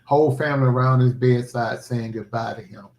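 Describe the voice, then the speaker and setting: A middle-aged man hosting a livestream, telling a personal story in a halting, emotional way. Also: medium pitch, steady tone, a little mellow. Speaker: livestream host. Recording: roomy echo.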